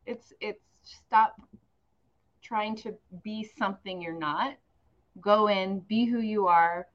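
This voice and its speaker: A woman's voice: mid-range voice, takes it slowly. A woman in her forties hosting a casual interview and encouraging her guest. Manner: encouraging, warm affirmations. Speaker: host. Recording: slightly dull, lo-fi audio.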